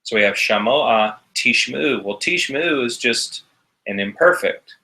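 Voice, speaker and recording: Bright-voiced man teaching a class. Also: mid-range voice, lively intonation, measured pace, creaky, rough recording. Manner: patient, explains step by step. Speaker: Hebrew teacher. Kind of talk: recorded class lesson.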